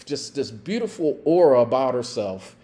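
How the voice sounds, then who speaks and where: A man in his fifties tells a personal story, casual and animated. His voice is warm and mellow, sitting at an ordinary pitch, and he slips into the voices of the people in his tale. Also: moderate pace. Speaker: podcast host, former police officer.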